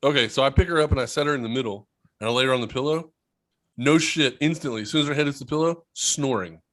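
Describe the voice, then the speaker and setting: A young man co-hosting a podcast, telling stories in a casual, animated way with some swearing. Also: mid-range voice, fast. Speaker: podcast co-host. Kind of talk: casual chat.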